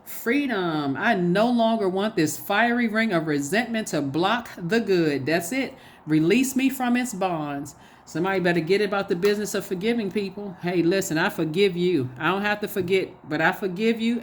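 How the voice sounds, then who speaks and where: A woman giving a casual tarot reading in a lively, preachy way, repeating herself and urging the listener on. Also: mid-range voice, moderate pace, a little hiss or hum. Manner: animated, repetitive, preachy exhortations. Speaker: tarot reader.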